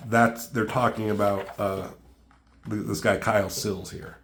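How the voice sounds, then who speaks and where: A man's voice: lowish voice, level tone, unhurried, a bit bright. A young man in casual chat, walking through his own comic book, with many fillers like "like" and "um".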